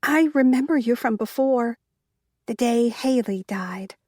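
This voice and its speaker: A young house maid speaks in a soft, sorrowful way and holds back what she knows, voiced by a woman. Her voice sits a little higher than the narration around it, and her lines come slowly. The sound is dry and close. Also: no room sound. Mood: sad.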